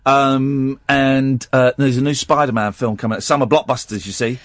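A man's voice: mid-range voice, steady tone, normal speed, no room sound. A man hosting a radio show, chatting casually on air in a rambling way with plenty of restarts.

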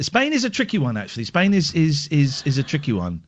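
Joking male radio host, higher voice, swinging wildly in pitch, lo-fi broadcast sound. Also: huge pitch swings, a little fast. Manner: playful, self-mocking, swings between drawls and bursts. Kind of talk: casual radio banter.

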